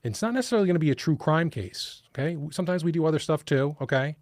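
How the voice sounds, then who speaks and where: A middle-aged man with a New York accent, hosting a live true-crime stream in a rambling, animated way. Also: fairly high pitch, quick pace, dry recording, studio quality. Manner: rambling, restarts, animated asides. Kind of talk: casual live-stream talk.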